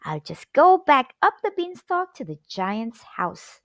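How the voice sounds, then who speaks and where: An eager, bold young boy from a storybook, put on by a woman narrator, calling out high and excited. His pitch leaps with lively range. The sound is close and dry. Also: unhurried, no room sound, full character voice.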